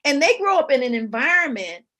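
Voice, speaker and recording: A middle-aged woman speaker and educator in lively conversational talk, telling stories with frequent laughter and reading aloud from books with emphasis. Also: high-pitched, fairly quick. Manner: animated storyteller who laughs often.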